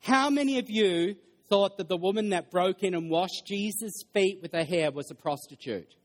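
A middle-aged male pastor giving a lively sermon in a church hall, joking and putting questions to the congregation. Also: high voice, moderate pace. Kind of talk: interactive sermon.

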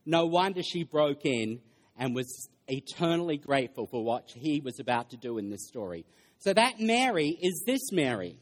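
Lively male pastor, fairly high voice. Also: moderate pace. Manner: lively, jokey, questions the congregation. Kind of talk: interactive sermon. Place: church hall.

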